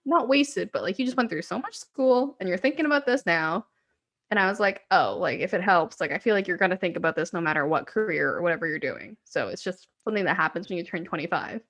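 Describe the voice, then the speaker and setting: A woman's voice: mid-range voice, animated, brisk, a bit bright. Chatty young woman podcast co-host. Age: 20s. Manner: rambling storytelling with frequent "like". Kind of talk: casual chat.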